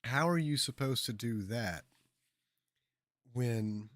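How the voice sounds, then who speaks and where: A man's voice: medium pitch, takes it slowly, a bit bright, dry recording, studio quality. A man hosting a livestream, giving sarcastic, mocking political commentary and ranting over clips. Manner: sarcastic, ranting, mocks by repeating. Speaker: livestream host.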